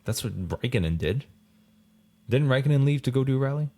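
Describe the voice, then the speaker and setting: A man co-hosting a racing podcast in casual chat, rambling and animated, full of fillers. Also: medium pitch, fairly quick. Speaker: podcast co-host.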